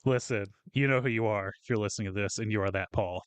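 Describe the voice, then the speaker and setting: A man's voice: on the low side, fast talker, clean tone, no echo. Guy ranting about coworkers, swears a lot, dry close mic. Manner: profane, ranting storyteller acting out coworkers. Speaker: podcast co-host. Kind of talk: casual venting chat.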